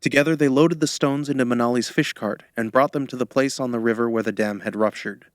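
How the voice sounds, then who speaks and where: A man narrating a fantasy audiobook in a measured, steady storytelling style. His voice sits in an ordinary middle pitch. The sound is close and dry, with no room around it. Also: dry recording. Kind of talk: scripted narration.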